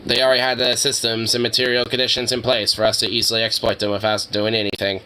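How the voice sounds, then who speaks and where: A man voicing a scheming alien overlord in a flat, robotic monotone. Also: medium pitch, background noise, close to an everyday voice. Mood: deadpan scheming. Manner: flat, deadpan, unhurried.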